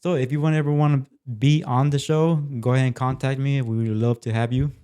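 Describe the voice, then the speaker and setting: Smooth, mellow-voiced podcast host. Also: male voice, mid-range voice, fairly quick. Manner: relaxed, loose with fillers. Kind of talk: casual interview hosting.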